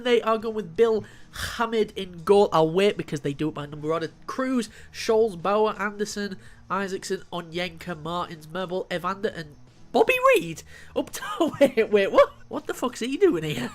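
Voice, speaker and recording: Swearing young man commentating gameplay. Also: sits high. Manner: swears freely, swings from calm to fuming. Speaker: gaming YouTuber.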